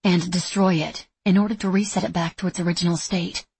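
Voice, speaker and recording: Woman narrator doing a tense young heroine, terse and urgent, low breathy voice, dry close sound. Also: fairly even intonation, brisk, darkish tone, dry recording. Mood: determined. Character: tense determined young woman time traveler.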